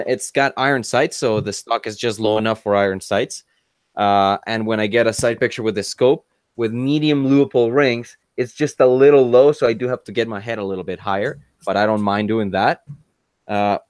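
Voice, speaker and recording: A man's voice: fairly low pitch, no echo, clean studio sound. A man on a talk show casually describing his rifle, with a rambling manner and frequent fillers. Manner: relaxed, rambling, many fillers.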